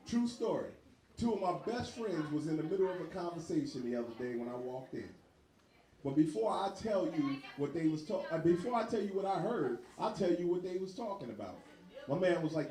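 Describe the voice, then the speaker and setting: A man doing an animated, profane stand-up set on a bar stage, laughing through his lines. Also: sits high, a little fast. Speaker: stand-up comedian. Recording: echoey bar with crowd laughter.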